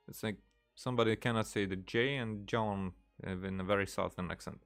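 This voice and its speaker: A man's voice: deep voice, fairly even intonation, moderate pace, vocal fry, faint music behind. A man giving casual let's-play commentary, exasperated and talking back at the game. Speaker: gamer.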